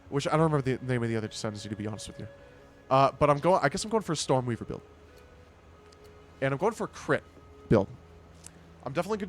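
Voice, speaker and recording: A young man streaming a game, a bit congested, rambling in casual chat, restarting his sentences and sometimes shouting at the game. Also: medium pitch. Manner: rambling, self-correcting, bursts into shouting at the game.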